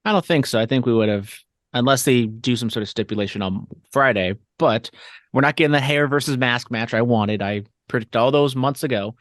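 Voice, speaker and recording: A man's voice: medium pitch, fairly quick, no room sound. A man co-hosts a casual podcast chat with a mid-range voice. He teases the others and gives long, rambling breakdowns, recorded dry and close. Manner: teasing, long-winded analysis. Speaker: podcast co-host.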